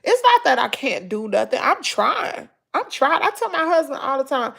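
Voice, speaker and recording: Tearful Southern woman with a gravelly voice. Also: sits high, sing-song, normal speed, a bit bright. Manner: tearful, heartfelt, talking straight to viewers. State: crying, nose stuffed up. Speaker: family vlogger. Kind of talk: emotional livestream talk to viewers.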